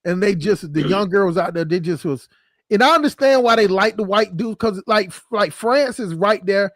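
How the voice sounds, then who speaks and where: A man's voice: sits high, normal speed, no room sound. A man hosting a stream, talking in a casual chat and joking crudely, laughing often. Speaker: stream host.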